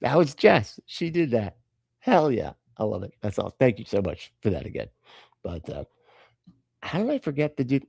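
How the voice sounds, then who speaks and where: A man hosts a live stream and mocks the clips he plays. His swearing commentary swings widely in pitch. The sound is dry and close, with no room around it. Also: sing-song, moderate pace, gravelly, darkish tone, husky, no room sound. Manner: sarcastic and profane, talks back at clips. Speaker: host of a live reaction stream.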